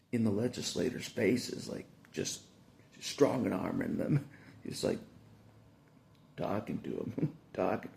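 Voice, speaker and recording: Casting: low, gravelly male vlogger with a lively swing in his voice, laughing between lines. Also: slight background noise. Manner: chuckles through nearly every sentence; repeats phrases, restarts often. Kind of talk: casual rambling monologue.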